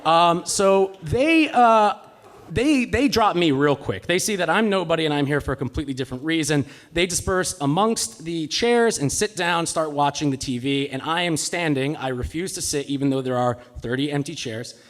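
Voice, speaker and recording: A man's voice: fairly high pitch, lively intonation, normal speed. A man telling a personal story live on stage, with a comic, self-mocking delivery. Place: live stage in a cultural center.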